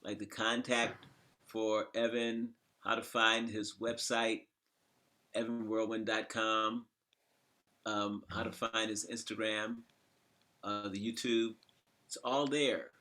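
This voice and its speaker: A man's voice: on the low side, flat delivery, takes it slowly, long pauses, sharp tone. A man hosting a live stream, talking in a loose, rambling way with restarts. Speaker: show host.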